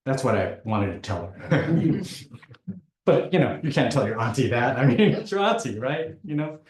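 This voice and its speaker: A man telling a personal story in a halting way, often repeating words, with dark self-mocking humor. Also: mid-range voice, big pitch swings, echoey room, a little hiss or hum.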